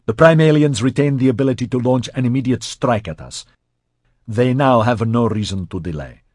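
A man's voice: medium pitch, moderate pace, a little mellow, no echo, studio quality, pitched above the performer's own voice, close to an everyday voice. A man voicing a pale, coldly precise male strategist who speaks firmly. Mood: urgent. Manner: precise, firm.

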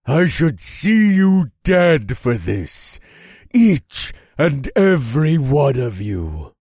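A man voicing a towering, cruel male frost lord who growls slow, boastful threats. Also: a little high, sing-song, a little mellow, husky, no echo, clean studio sound, pitched above the performer's own voice, full character voice. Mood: furious. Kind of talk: audiobook character voice.

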